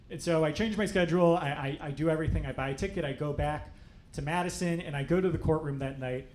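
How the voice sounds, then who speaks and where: A young man doing stand-up, telling a story in a dry, wry, deadpan way to a live audience. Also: a little high, fast. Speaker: stand-up comedian. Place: comedy club stage before a laughing audience. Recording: roomy live club sound, faint crowd noise.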